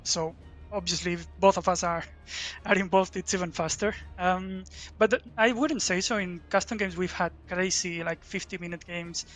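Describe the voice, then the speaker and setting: High-voiced man, playful. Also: steady tone, normal speed, a bit bright, faint music behind. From Spain. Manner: playful, laughs and trash-talks. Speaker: pro player being interviewed. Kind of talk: relaxed post-match chat.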